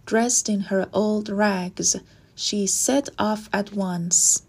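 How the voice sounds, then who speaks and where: Slow breathy woman reading a storybook. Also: mid-range voice, fairly even intonation. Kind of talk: storybook narration.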